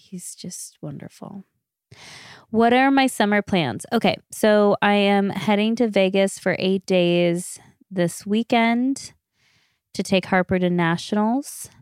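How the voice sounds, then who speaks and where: A woman's voice: medium pitch, unhurried, clean tone, dry recording, studio quality. A woman, hosting a solo podcast in casual chat. She gushes, laughs often and swears freely. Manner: chatty, gushing, laughs often. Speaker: podcast host.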